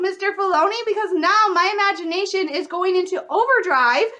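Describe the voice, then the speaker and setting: High bright-voiced gushing young woman. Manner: gushing, breathless, fast and emotional. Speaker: vlogger. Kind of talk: excited casual fan vlog.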